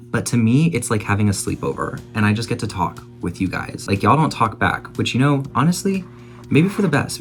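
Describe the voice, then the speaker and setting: Young male vlogger, casual and swearing, lowish pitch, faint music bed. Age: 20s. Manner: chatty, self-mocking, swears freely. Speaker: YouTuber. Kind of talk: casual vlog chat while baking.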